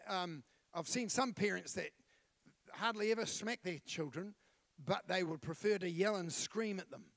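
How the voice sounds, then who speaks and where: Gravelly high-voiced New preacher. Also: male voice, dry recording. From New Zealand. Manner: blunt, colloquial preaching with frequent restarts and asides to the congregation. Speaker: pastor. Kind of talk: sermon. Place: church.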